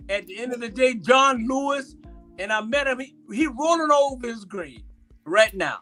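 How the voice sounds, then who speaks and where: A man's voice: very high voice, expressive, normal speed, bright, forceful tone, faint music behind. A man, speaking as a talk-show panelist in a fiery, preacherly way, stretching out words for emphasis. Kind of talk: impassioned political talk.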